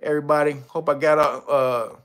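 A man's voice: a little high, steady tone, fairly quick, a bit bright. A man hosting a livestream, talking tough and blunt with profanity, breaking into laughs. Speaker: livestream host. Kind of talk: livestream pitch and commentary.

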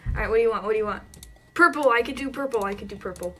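A woman's voice: on the high side, rapid-fire, a bit bright, faint music behind. A woman giving casual let's-play commentary, talking to herself with frequent flustered yelps and laughs. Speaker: gaming channel host.

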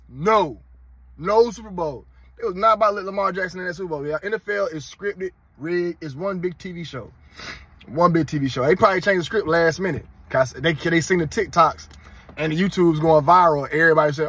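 Husky Southern man ranting on his vlog. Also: high-pitched, brisk, no room sound. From North Carolina. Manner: animated, mocking, emphatic rants. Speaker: channel host.

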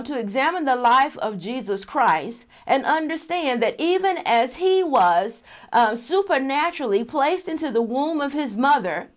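A woman pastor delivers a Bible teaching with a high, bright-toned voice. She explains each point step by step and slows right down to read verses aloud. Her delivery is measured and deliberate. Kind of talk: sermon.

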